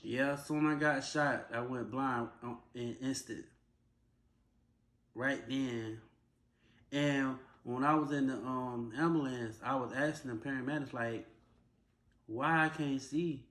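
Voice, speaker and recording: A young man, telling a personal story in a plain, casual, drawn-out way. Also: mid-range voice, fairly even intonation, a bit bright, echoey room. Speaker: vlogger.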